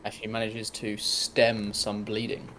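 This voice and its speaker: A man's voice: fairly low pitch, monotone, a little slow, noisy background. A man narrating as game master, rambling with lots of ums and likes.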